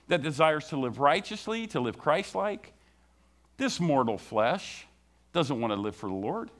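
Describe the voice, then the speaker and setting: A man preaching a sermon, often asking his congregation questions and reading scripture slowly. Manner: asks the congregation frequent questions; reads scripture slowly, drops low and soft to stress points. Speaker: pastor.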